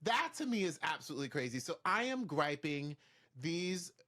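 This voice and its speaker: A man's voice: a little high, big pitch swings, moderate pace, sharp tone. A man co-hosting a casual podcast, ranting in a chatty, playfully exasperated way. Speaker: podcast co-host.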